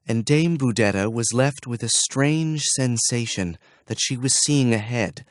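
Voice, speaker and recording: Reading from a script, a male audiobook narrator delivers a fantasy story in a measured, storytelling way. His pitch is fairly low, and the audio is studio quality with no room sound.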